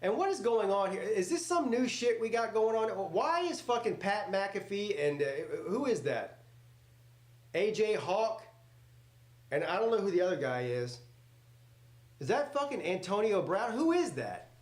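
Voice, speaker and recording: A man gives casual live reaction commentary on football, loud and joking, swearing freely and responding to his chat. His voice sits high and is very animated yet measured in pace, with reverberation.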